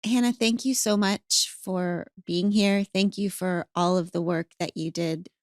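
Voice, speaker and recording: A woman hosting a podcast in casual chat, animated and playful, acting out her stories. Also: lowish voice, unhurried, no room sound, clean studio sound. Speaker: podcast host.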